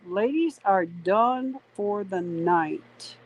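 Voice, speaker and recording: A woman's voice: medium pitch, expressive, rough recording. A woman co-hosting a casual late-night livestream, chatting and reading viewer comments aloud. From Canada. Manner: chatty, drawn-out, reads chat aloud. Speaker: stream co-host.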